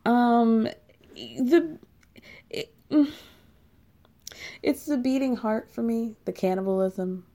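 A woman giving casual commentary in a mellow, darker voice. She talks in a sarcastic, jokey way, throwing in asides and exaggerated disbelief as she goes through the material. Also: fairly high pitch, expressive, slow pace, vocal fry, long pauses. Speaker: commentary vlogger. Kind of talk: casual commentary, reading out messages.

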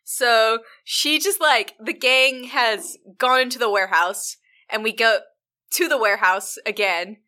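Woman, casual chat, animated storyteller, high-ish voice, bright tone. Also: unhurried. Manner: animated storytelling, acts out characters' lines. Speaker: podcast co-host recapping a film.

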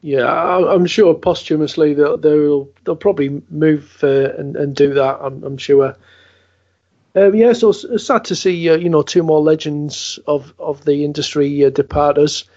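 Podcast host guy, kinda high voice, stumbles over words, dull audio. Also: unhurried, a little mellow. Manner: stammering, repeats words while asking questions. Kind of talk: casual podcast interview. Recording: slightly muffled audio.

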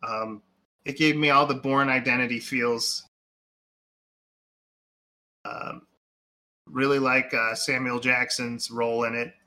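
A man's voice: medium pitch, fairly even intonation, takes it slowly, pauses often, bright, forceful tone. A man co-hosting a podcast, chatting casually about movies, rambling and full of fillers. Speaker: podcast co-host.

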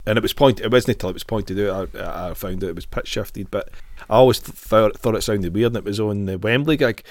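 A man's voice: on the low side, quick pace, no room sound. A man with a Scottish accent co-hosting a music podcast, chatty and sweary in casual talk. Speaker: podcast co-host. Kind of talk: casual chat about music.

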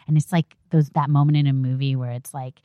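A woman chatting casually as a guest, telling a story in an animated way and acting out what people said. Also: extremely low pitch, fairly quick, no room sound, lo-fi sound. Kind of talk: casual chat.

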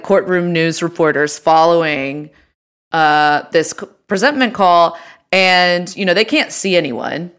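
A woman's voice: lowish voice, fairly bright tone, clear, resonant tone. A woman co-hosting a podcast, chatting casually with lots of fillers and restarts. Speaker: podcast co-host. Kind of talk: casual chat.

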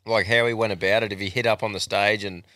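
A man's voice: on the low side, fairly even intonation, quick pace, pushed and bright, dry recording, clean studio sound. An Australian man hosting a podcast, swearing and laughing through casual banter. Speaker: podcast host. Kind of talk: casual chat.

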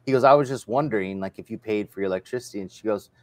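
A man's voice: lowish voice, racing, dry recording. A man hosting a casual livestream, rambling and retelling stories in quoted dialogue. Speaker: livestream host. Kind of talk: casual chat.

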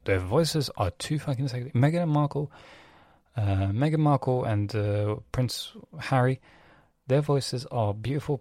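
A man's voice: lowish voice, no room sound, clean studio sound. A young man talking casually on his own, rambling and correcting himself, swearing often. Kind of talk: casual monologue.

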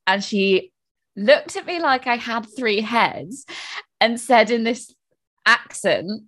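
A woman's voice: fairly high pitch, takes it slowly. A woman co-hosting a book podcast, telling stories in casual chat with laughs and restarts. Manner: chatty, animated storytelling with laughs and restarts. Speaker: podcast co-host.

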